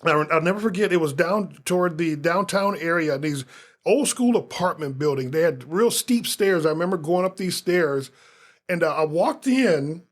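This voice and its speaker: A man's voice: a little high, expressive, moderate pace. A man in his fifties from Omaha, a pastor earnestly telling his life story as a guest, with frequent restarts. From Omaha, Nebraska. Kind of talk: personal testimony in a podcast interview.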